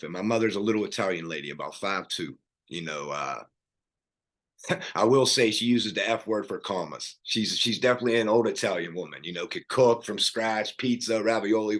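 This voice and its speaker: Middle-aged man, low voice, earnest podcast guest recounting his past with fillers and restarts. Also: a bit bright. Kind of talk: personal story in casual conversation.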